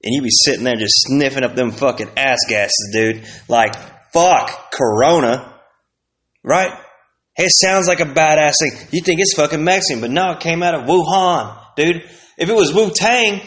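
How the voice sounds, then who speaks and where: A man hosting a profane, rambling comedic rant full of street slang. His voice sits fairly high and jumps into sudden loud outbursts. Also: normal speed. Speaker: host.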